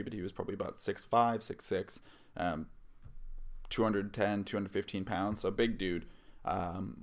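A man's voice: deep voice, gravelly. A man telling a personal story casually, candid and wry, with frequent swearing and chuckles.

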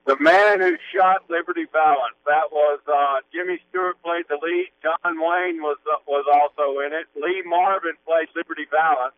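A man calls in to a radio show and shares what he knows, pausing often to find his words. His voice is somewhat high and comes through a thin, tinny phone line. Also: fairly even intonation. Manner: hesitant, full of uhs. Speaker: caller. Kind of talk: phone-in call.

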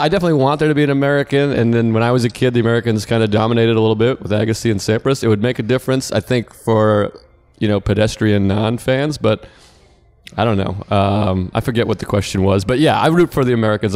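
A man from the Boston area, a podcast guest, chatting in animated, jokey bursts. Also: fairly low pitch, quick pace. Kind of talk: casual podcast chat.

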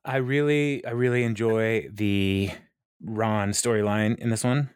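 A man with a fairly low voice recaps a sitcom episode for a podcast, chatting casually. He fills pauses with ums and uhs and laughs easily. The sound is close and dry, with no room around it. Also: steady tone, clear, resonant tone, dry recording. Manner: retells scenes with quoted lines, many fillers, laughs often. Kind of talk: casual chat.

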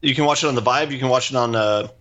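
A man with a bright, forceful voice chats easily on a tech podcast. He pauses with uhs and likes. His pitch is mid-range for a man. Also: muffled recording. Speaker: podcast co-host. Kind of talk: casual tech podcast chat.

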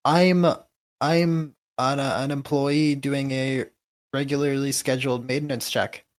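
A player in a tabletop role-playing game who rambles playfully and stumbles over the words. The voice sits at a middle pitch. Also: fairly even intonation, measured pace.

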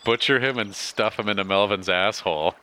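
A man's voice: fairly low pitch, brisk, sharp tone, slight background noise. A man running a tabletop game as game master, narrating and laughing at himself. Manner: laughing, self-mocking.

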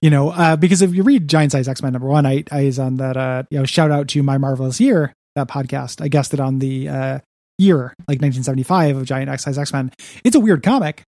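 A man's voice: medium pitch, fairly quick, mellow, dry recording, studio quality. A man co-hosting a podcast, recapping a comic book in casual, rambling chat full of "you know" and "like". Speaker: podcast co-host.

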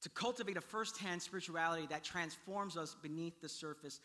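A young adult man preaching a sermon as pastor, animated, acting out quotes and swinging between hushed lines and loud ones. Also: fairly high pitch, fairly quick.

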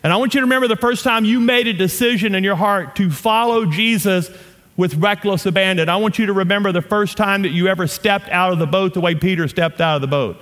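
A pastor in his fifties from North Louisiana, USA, preaches a sermon in a Southern US accent, mixing impassioned emphasis with humorous asides. His male voice sits high, moves fast, and has a fairly bright tone, trailed by a long reverb.

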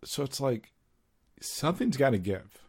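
A man's voice: mid-range voice, very animated, measured pace, darkish tone, husky. A man co-hosting a podcast, chatting casually and giving opinions, thinking aloud with lots of fillers. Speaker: podcast co-host. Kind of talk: casual chat.

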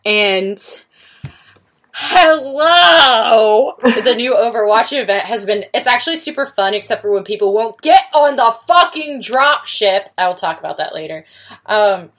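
Young woman co-host with a mid-pitched voice, loose and chatty, swears freely, on a computer mic. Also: animated, normal speed, fairly bright tone. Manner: chatty, laughs often, swears casually. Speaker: podcast co-host. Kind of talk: casual chat. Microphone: computer microphone.

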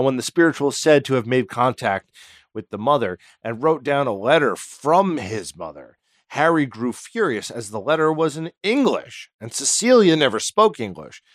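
A man's voice: medium pitch, sing-song, normal speed, no echo, clean studio sound. A man co-hosting a podcast, telling a story in casual chat and cracking jokes. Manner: jokey, drops into silly put-on voices. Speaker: podcast co-host.

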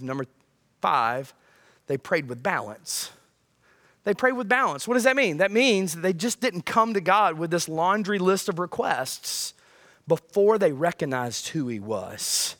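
A male pastor preaching a sermon, swinging between loud high bursts and quiet low lines.

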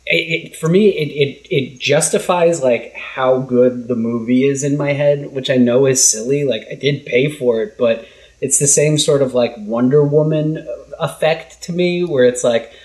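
A man's voice: mid-range voice, moderate pace, a little mellow, poor audio. A man co-hosting a podcast, telling stories in an enthusiastic, rambling way. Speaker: podcast co-host. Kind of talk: casual podcast chat.

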